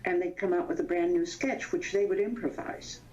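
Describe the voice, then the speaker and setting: A woman in her eighties, a veteran actress, reminiscing in an interview as an animated storyteller who laughs often and stops to search for names. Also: on the low side, fairly quick. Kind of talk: anecdotal reminiscing. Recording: dull lo-fi sound.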